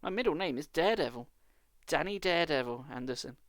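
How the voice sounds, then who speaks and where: A man's voice: a little high, animated, fast talker, fairly bright tone, no echo, studio quality. Man doing a cocky mischievous boy. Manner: sly, boastful.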